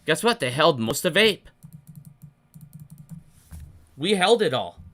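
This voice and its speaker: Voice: mid-range voice, very animated, a bit bright. A stock market commentator in an unscripted solo rant to viewers, frustrated, heated and swearing a lot. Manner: heated, profane, fast-talking rant.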